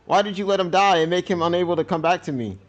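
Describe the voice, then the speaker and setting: A man's voice: high voice, fast, over music, pitched above the performer's own voice, close to an everyday voice. A man reading as an angry teenage girl, Zita. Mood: accusing.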